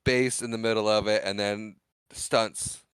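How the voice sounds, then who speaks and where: A man co-hosting a podcast in casual movie chat, chiming in with relaxed, quick reactions. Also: fairly low pitch, clean tone, no room sound. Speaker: podcast co-host.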